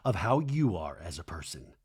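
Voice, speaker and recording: A man voicing a defensive, self-pitying reality-TV father in a low, hushed, sulky voice. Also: very animated, normal speed, breathy edge, heavily acted.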